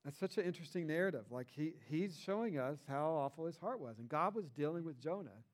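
A middle-aged man preaching a sermon as a pastor, talking in a conversational, animated way with lively emphasis. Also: on the high side, fairly quick.

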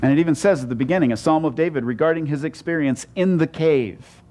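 This male pastor's voice sits on the high side and moves at a quick pace. His sermon is conversational, full of stammered restarts and abrupt swings from emphatic to hushed.

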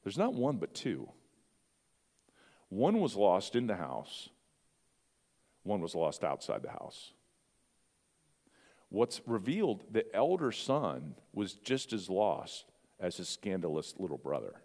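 A man with a fairly low voice preaches to his congregation. He speaks in a conversational way, tosses out questions and asides, and his voice rings through the long reverb of a church sanctuary. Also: wildly swooping pitch, slow, pauses often, a little mellow. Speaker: pastor. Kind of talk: sermon.

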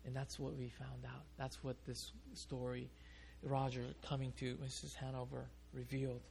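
A male pastor preaching a sermon, telling a story in an animated way and often restarting his sentences. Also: medium pitch, moderate pace, gravelly, a little hiss or hum.

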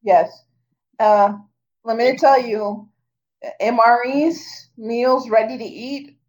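A woman's voice: fairly high pitch, fairly even intonation, takes it slowly, darkish tone, poor audio. A middle-aged woman in casual chat who laughs often and slips into playful mock voices.

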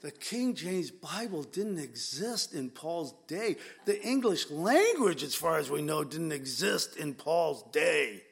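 A man's voice: fairly high pitch, very animated, takes it slowly, vocal fry, few pauses. Earnest, emphatic preacher, a man. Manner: earnest, emphatic, repeats words when pressing a point. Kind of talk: conversational sermon.

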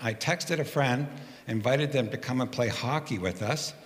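A male pastor giving a sermon, moving from quiet prayer to relaxed, humorous storytelling. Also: medium pitch, normal speed, long reverb tail. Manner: conversational storytelling with gentle humor.

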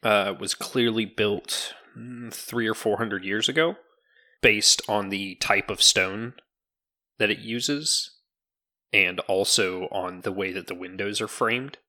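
A man narrating as the game master of a tabletop game in a relaxed, playful way. His voice is on the low side with a bright, forward tone. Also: slow. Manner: joking, relaxed.

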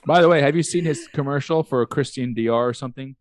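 A man's voice: mid-range voice, fast, dry recording. Easygoing man podcaster, dry sound. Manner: easygoing, animated when telling stories. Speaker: podcast co-host. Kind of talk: casual chat.

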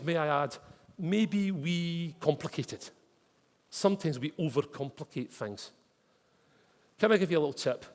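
A Scottish man preaching a chatty storytelling sermon, dropping in local words like wee and mate. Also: a little high. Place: church hall with congregation. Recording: long reverb of a church hall.

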